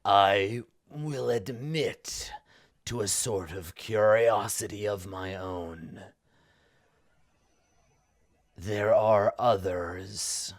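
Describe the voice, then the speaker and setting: A man doing a whispering undead king. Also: on the low side. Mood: menacing. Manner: slow, drawn-out speech sinking into a whisper. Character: slow-spoken undead male king, calm and menacing.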